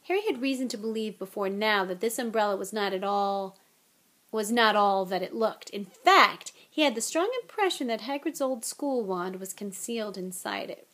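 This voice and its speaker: Woman, audiobook narrator, steady, storytelling. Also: medium pitch, moderate pace.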